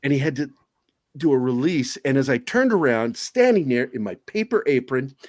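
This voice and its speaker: Animated, foul-mouthed man telling stories. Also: mid-range voice, normal speed, no room sound. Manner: animated, profane, self-mocking. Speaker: podcast guest. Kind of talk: casual storytelling chat.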